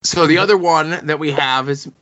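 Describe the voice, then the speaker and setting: A man co-hosting a podcast, chatting about comics in a measured, explanatory way. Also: on the high side, fairly bright tone, muffled recording. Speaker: podcast co-host. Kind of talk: casual chat about comics.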